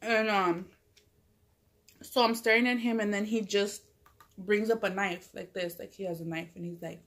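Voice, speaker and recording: A woman's voice: mid-range voice, fairly even intonation, moderate pace, fairly bright tone. A woman vlogger casually telling a long personal story, rambling and full of "like" and self-corrections. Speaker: mukbang vlogger.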